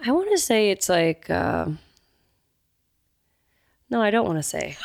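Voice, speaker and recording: A woman's voice: medium pitch, very animated, a little slow, creaky. A woman guest on a podcast, chatting in a candid, teasing way in a recording studio. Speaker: guest singer-songwriter. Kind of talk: casual interview chat.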